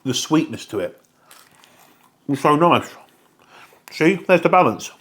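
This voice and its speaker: A man's voice: fairly high pitch, animated, takes it slowly, fairly bright tone. Chatty rambling young man. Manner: chatty, rambling, swears casually. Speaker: fitness vlogger. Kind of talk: casual chat to camera.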